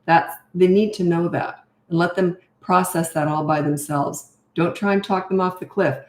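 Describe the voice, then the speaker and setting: An older woman answers viewers' questions as a parenting coach, speaking casually and bluntly with lots of "um" and "you know". Her voice sits a little low for a woman. The room around her sounds echoey. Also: steady tone, moderate pace, a little mellow. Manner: casual, chatty, direct, many fillers. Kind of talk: live Q&A, reading and answering comments.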